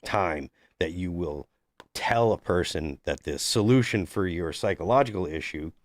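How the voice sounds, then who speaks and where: A man's voice: low-pitched, animated, moderate pace, no echo, clean studio sound. A man co-hosting a casual panel discussion, talking earnestly with frequent restarts. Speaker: podcast co-host.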